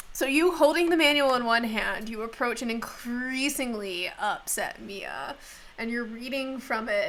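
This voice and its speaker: A woman running a tabletop role-playing game as game master, narrating scenes in an animated, laughing way. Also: fairly high pitch, a little hiss or hum. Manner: animated storyteller who laughs often.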